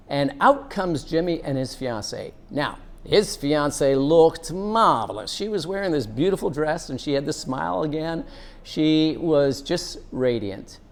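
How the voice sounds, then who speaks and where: A man's voice: a little high, darkish tone. A middle-aged man, a former police officer, earnestly telling a personal story and drawing a lesson from it. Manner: earnest, unhurried, draws out a lesson.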